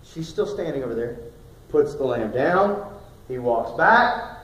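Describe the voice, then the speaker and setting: A man's voice: medium pitch, expressive, measured pace. Man preaching in an echoey hall. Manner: storytelling, swinging from quiet to loud emphatic bursts. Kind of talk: sermon. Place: church sanctuary. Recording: echoey hall recorded from far off.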